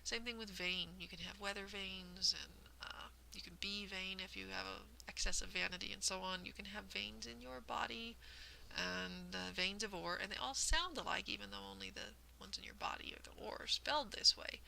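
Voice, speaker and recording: A woman's voice: mid-range voice, moderate pace, vocal fry, bright, forceful tone, slight background noise, low-quality recording. A woman hosting a cross-stitch vlog, chatting casually and explaining things carefully with a self-deprecating touch. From United States.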